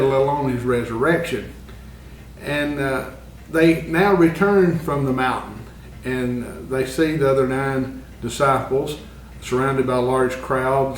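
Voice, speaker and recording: A man teaching a Bible lesson in a church classroom, earnest and often pausing with fillers. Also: mid-range voice, slight background noise. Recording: echoey room, far from the mic.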